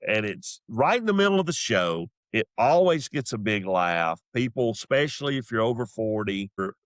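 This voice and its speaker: A man's voice: lowish voice, moderate pace, no echo, clean studio sound. A middle-aged man with a Southern accent, a comedian casually telling a story. He moves in and out of quoted voices as he talks. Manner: animated, acts out voices and quotes. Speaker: comedian guest.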